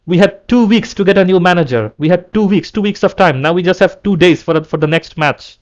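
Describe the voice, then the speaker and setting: A man's voice: high voice, a little fast, hardly any pauses. Heated man ranting about his club. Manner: heated, repetitive, restarts often. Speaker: football fan vlogger. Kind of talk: angry fan rant to camera.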